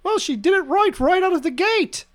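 A man's voice: very high voice, animated, normal speed, a bit bright. A man co-hosting a casual chat show, answering with dry, teasing remarks. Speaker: podcast co-host.

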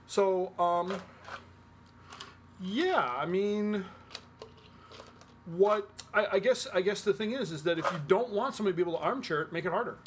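A man's voice: sits high, moderate pace, long pauses, a little hiss or hum. Rambling man co-hosting a casual podcast. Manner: rambling, restarts often, self-corrects. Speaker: podcast co-host. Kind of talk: casual chat.

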